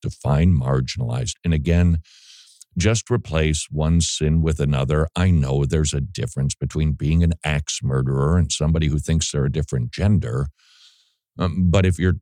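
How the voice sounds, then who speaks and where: Man, very deep voice, dry close sound, emphatic and scornful, religious commentary. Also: a little mellow, no room sound.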